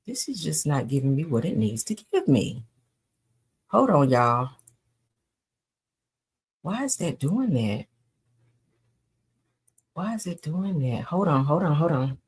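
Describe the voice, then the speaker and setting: A sassy woman streamer reads the news and fires back at it, calling out to her viewers and swearing freely. Her pitch swings up and down in an animated way while she talks. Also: breathy edge. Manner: sassy, emphatic, cusses, talks to viewers as y'all. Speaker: host. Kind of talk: live-stream commentary.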